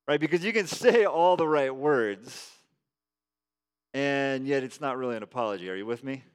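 This thirtysomething male pastor has a mid-range voice, a clean tone and a normal pace. His sermon is conversational and animated, moving from hushed prayer into lively storytelling.

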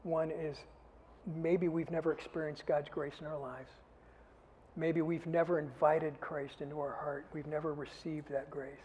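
A man preaching a sermon as pastor, earnest and often dropping to a soft, intimate delivery. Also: a little high, flat delivery, measured pace, slight background noise. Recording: long hall reverb.

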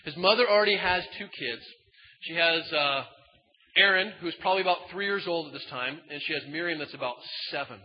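A man preaching with a slightly high voice, swinging from loud emphatic bursts to quiet asides in a casual, folksy way. His voice carries a long reverb from a large hall. The sound is somewhat muffled and dull. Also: a little fast. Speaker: pastor. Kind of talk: sermon.

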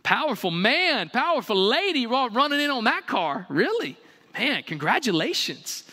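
A man voicing an admiring onlooker who gushes over someone's success in a high, exaggerated tone, with long hall reverb. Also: very animated, moderate pace, pushed and bright, heavily acted. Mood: fawning. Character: gushing admiring onlooker, impressed by wealth.

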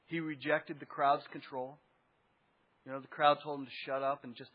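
A man with a high voice delivers a sermon as pastor, talking in a conversational way and breaking off for rhetorical asides. The recording sounds a little dull and muffled. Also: level tone, normal speed, husky, long reverb tail.

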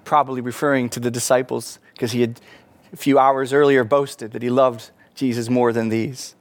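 A man preaching a sermon, earnest, rising to emphatic peaks and falling back soft. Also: medium pitch, level tone, moderate pace, no room sound. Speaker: pastor.

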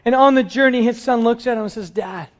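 A male pastor preaching a sermon with dramatic storytelling, often dropping to hushed tones. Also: extremely high pitch, fairly even intonation, fast talker. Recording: dull lo-fi sound.

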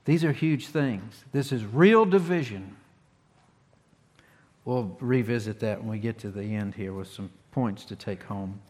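A man's voice: on the low side, measured pace. Folksy preacher man in a reverberant hall. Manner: folksy, plainspoken, restarts often, animated emphasis. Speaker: pastor. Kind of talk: conversational sermon.

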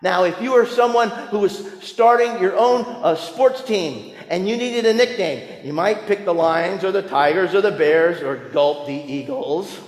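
A man preaching a sermon as pastor, telling stories with humor, rising to emphatic points and dropping soft. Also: sits high, measured pace, hardly any pauses. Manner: storytelling with humor, emphatic rises and soft drops. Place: church sanctuary. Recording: roomy church with long reverb.

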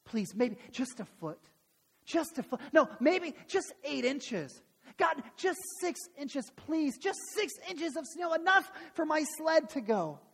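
Man playing a high-pitched, whiny little boy, impatient and pleading, in a reverberant hall. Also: fairly quick, few pauses, a bit bright. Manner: whiny, pleading, stomping tantrum.

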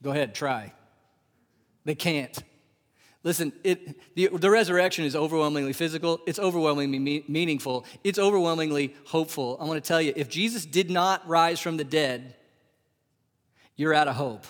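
A man in his thirties preaching a sermon. He swings from loud, rising emphasis to hushed, drawn-out near-whispers. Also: fairly high pitch. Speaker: pastor. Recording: live sermon with long hall reverb.

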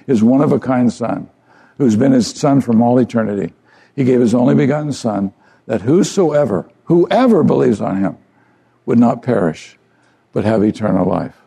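Gravelly older male preacher. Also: lowish voice, warm tone. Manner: earnest, conversational preaching with repeated phrases. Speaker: pastor. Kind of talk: sermon.

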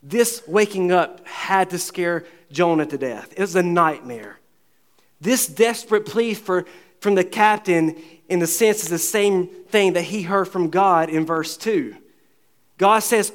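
A man's voice: sits high, a little slow. A man preaching a sermon to his congregation, asking rhetorical questions and acting out the dialogue of the scripture story. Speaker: pastor.

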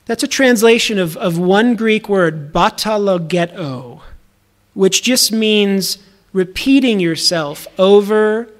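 Male pastor, thirties, high voice, earnest conversational preaching. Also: expressive, slow pace. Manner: earnest, conversational, repeats words when restarting. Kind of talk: sermon.

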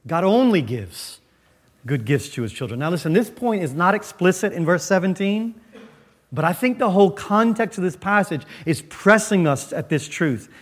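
Male pastor, slightly raised pitch; emphatic sermon delivery, dramatic pauses, dips to near-whisper. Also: expressive. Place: church.

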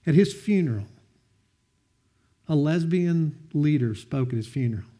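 A middle-aged man preaching with a lively, rising and falling voice. His tone is slightly husky, and he moves easily between earnest teaching and relaxed storytelling from his own life. The pitch sits a little high for a man. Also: a little slow. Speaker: pastor. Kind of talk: sermon.

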